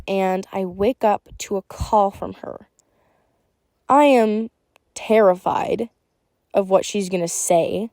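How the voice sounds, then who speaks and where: A woman's voice: medium pitch, darkish tone, dry recording. Chatty woman telling a storytime. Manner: chatty, fast, many "like" fillers, emphatic. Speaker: storytime creator. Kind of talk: storytime narration of a submitted story.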